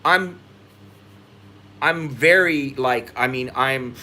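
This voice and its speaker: An American man hosting a casual livestream, venting with frustration and climbing in pitch as he gets worked up. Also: very slow, bright, forceful tone, a little hiss or hum. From United States. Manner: frustrated venting, rising in pitch when agitated. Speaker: expat livestream host.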